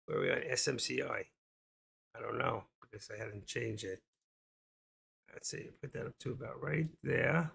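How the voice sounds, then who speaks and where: A man's voice: medium pitch, moderate pace, vocal fry, pauses often, a bit bright, slightly rough. A man hosting a trading live stream, rambling casually and muttering his thoughts aloud as he goes.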